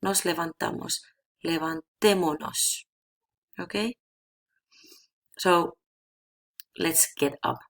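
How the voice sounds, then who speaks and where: A woman teaching a language lesson, explaining grammar rules patiently and checking in with her viewers with frequent "okay?". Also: on the low side. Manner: slow repeating of example words. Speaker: Spanish teacher.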